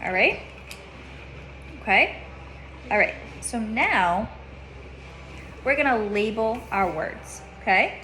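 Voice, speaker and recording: A woman's voice: fairly high pitch, expressive, takes it slowly, pauses often, pushed and bright, slight background noise. A woman teaching a child reading in a one-on-one lesson, patient, repeating her questions and checking in with "okay?".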